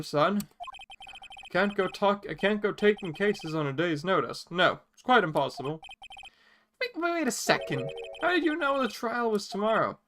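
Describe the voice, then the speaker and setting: A woman voicing a pompous, blustering older male lawyer who talks in a booming, theatrical way, with game music behind. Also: background noise.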